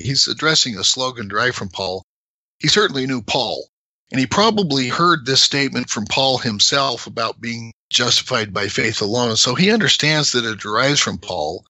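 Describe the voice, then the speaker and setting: A middle-aged man explaining scripture in a measured, conversational way, sometimes emphatic. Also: on the low side, pushed and bright, dry recording, low-quality recording.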